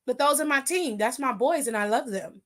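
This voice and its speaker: A woman's voice: high-pitched, animated, normal speed, a bit bright. Sassy woman hosting a wrestling aftershow. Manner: sassy, talks back to chat with pet names. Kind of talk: casual livestream chat.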